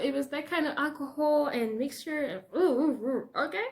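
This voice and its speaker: A young woman with a South African accent tells a storytime vlog, her voice high and lively. She laughs often and acts out the people she quotes. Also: quick pace. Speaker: YouTuber.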